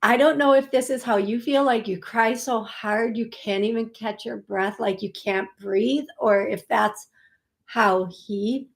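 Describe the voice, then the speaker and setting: A woman hosting a live psychic reading, speaking in a halting way, repeating words and thinking aloud, soft-spoken and emotional. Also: a little high, fairly even intonation, gravelly. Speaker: psychic medium host.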